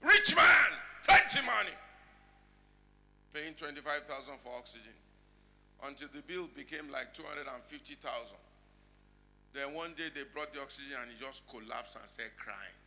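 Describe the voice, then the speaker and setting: A middle-aged Nigerian man preaching a sermon as pastor, dropping to quiet asides and then shouting lines out. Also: moderate pace, slight background noise. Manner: animated preaching, swinging between low asides and shouted lines.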